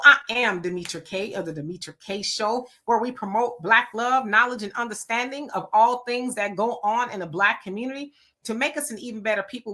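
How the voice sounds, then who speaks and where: Bright-voiced woman hosting a livestream. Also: mid-range voice. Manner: chatty, greets viewers by name. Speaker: livestream show host. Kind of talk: casual live-stream chat.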